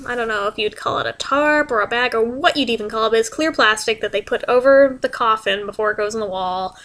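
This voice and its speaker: A woman's voice: a little high, fast talker, fairly bright tone. A young woman telling a story in a casual vlog, chatty and exasperated, swearing freely. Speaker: vlogger.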